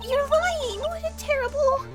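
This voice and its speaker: A woman's voice: extremely high pitch, unhurried, over music, voice pushed up. A woman voicing a frightened young girl pleading in game dialogue. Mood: distressed.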